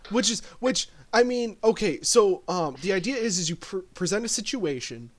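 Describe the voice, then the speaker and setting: A man with a high-pitched voice co-hosts a casual podcast chat. He gives frank, blunt opinions and restarts his sentences often with fillers. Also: animated, moderate pace. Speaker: podcast co-host.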